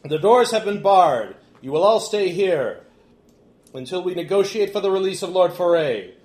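Man putting on a harsh armed guard, barking orders, loud, raised pitch, echoey room. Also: expressive, normal speed. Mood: commanding.

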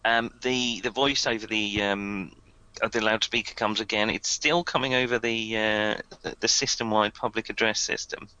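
A man's voice: fairly low pitch, fairly even intonation, normal speed, sharp tone, clear, resonant tone, dry recording, lo-fi sound. A man narrating as game master of a tabletop game, hesitant and full of ums.

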